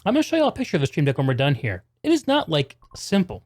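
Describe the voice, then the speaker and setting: A man's voice: on the high side, wildly swooping pitch, quick pace, dry recording, clean studio sound. A man hosting a live stream and commentating a competitive video game match, chatty and upbeat, calling the viewers "y'all".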